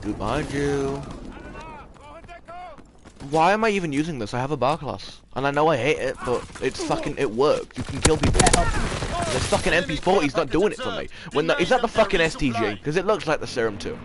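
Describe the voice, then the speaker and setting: A man's voice: a little high, sing-song, brisk, a loud crowd. A man with a cold, ranting and swearing as he plays a shooter game over a headset. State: has a cold. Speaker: gamer. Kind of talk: angry gameplay commentary.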